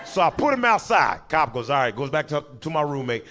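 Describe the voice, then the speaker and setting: A man doing stand-up, telling a long story and acting out the people in it with quick voice changes. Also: medium pitch, noisy background. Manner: animated, acts out characters in quick voices, breaks into laughter. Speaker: stand-up comedian.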